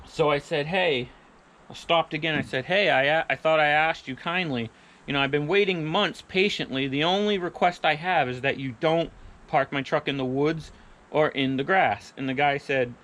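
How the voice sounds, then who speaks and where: A man's voice: fairly high pitch, moderate pace, fairly bright tone, a little hiss or hum. Blunt, cursing man telling a story. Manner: blunt, profane, retells arguments with quoted dialogue. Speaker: truck build vlogger. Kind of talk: casual storytelling rant. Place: garage or shop.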